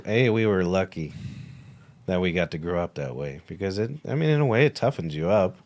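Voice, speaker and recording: A man's voice: low-pitched, animated, a little fast, darkish tone. A man co-hosting a podcast, talking in casual, profane, teasing banter with friends. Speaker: podcast co-host.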